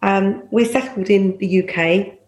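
A middle-aged woman tells anecdotes from her life in a lively interview manner. She laughs often and breaks into the voices of people she quotes. Her voice sits at a middling pitch and carries a roomy echo. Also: unhurried. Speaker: former police officer, interview guest. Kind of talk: anecdotal storytelling.

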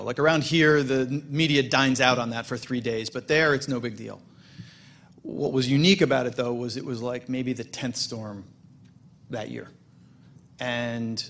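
A man's voice: mid-range voice, fairly bright tone. Middle-aged man giving a casual welcome speech. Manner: casual, storytelling, self-deprecating humor. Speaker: congregation president.

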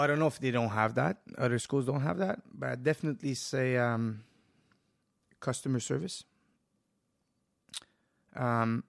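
Gravelly man, animated storyteller in a casual interview, dry sound. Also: mid-range voice, dry recording. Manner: animated, acts out quotes, swears. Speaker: guest, jiu-jitsu school owner.

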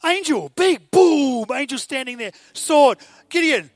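A man with an Australian accent preaching a sermon, telling the story with animated asides and rhetorical questions to the audience. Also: very high voice, measured pace, no room sound, faint music behind.

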